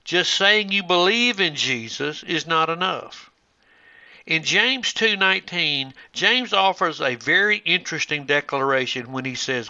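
A man delivers a sermon at a deliberately slow, measured pace, earnest as he reads scripture to his congregation. His voice sits a little high and sounds bright and forceful. The recording is slightly dull and lo-fi. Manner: measured, earnest, addresses listeners as brethren and friends. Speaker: preacher.

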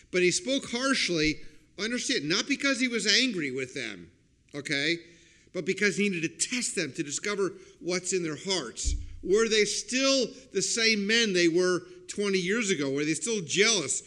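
A man preaching a sermon as a pastor, explaining a passage and checking in with listeners with "okay?" and "right?", and breaking into loud acted-out quotes. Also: high voice. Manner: acts out quoted lines with sudden loud outbursts.

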